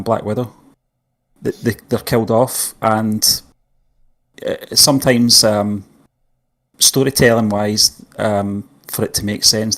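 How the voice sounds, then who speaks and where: A man's voice: fairly low pitch, fairly bright tone. Blunt, jokey male podcast co-host. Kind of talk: casual film review chat.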